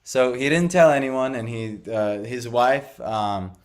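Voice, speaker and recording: A man's voice: mid-range voice, unhurried. A young man telling a devotional story and teaching in a conversational way, full of fillers and restarts. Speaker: scripture class speaker.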